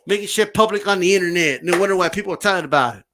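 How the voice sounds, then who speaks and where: A man's voice: high voice, very fast, pushed and bright, slight background noise. A man giving a brash, mocking, profane rant as a boxing commentator. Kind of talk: ranting commentary vlog.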